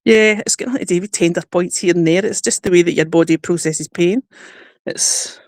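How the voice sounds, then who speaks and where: A woman's voice: fairly low pitch, fairly quick, darkish tone, no echo. Woman, Glasgow accent, chatty, laughing, rambling stories, dry sound. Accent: Glasgow Scottish. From Scotland. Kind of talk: casual chat.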